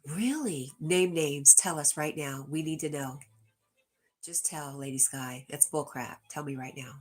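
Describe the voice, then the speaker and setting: Low husky woman hosting a livestream. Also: a little slow, a little mellow. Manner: reads comments aloud and answers viewers directly, drops to a whisper at times. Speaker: livestream host reading viewer chat. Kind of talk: casual livestream chat.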